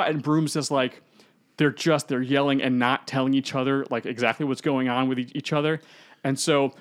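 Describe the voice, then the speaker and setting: A man's voice: mid-range voice, little pitch movement, normal speed, clear, resonant tone. A man co-hosting a casual podcast, rambling through a film's plot and acting out the characters. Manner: rambling storyteller who acts out characters. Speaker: podcast co-host.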